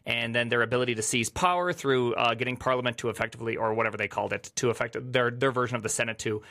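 A man co-hosting a casual panel chat, telling a long, excitable, rambling story. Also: mid-range voice, racing. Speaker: podcast co-host.

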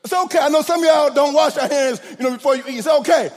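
A man preaching a sermon, swinging from loud shouted points to hushed asides. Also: very high-pitched, quick pace. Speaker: pastor. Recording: long hall reverb.

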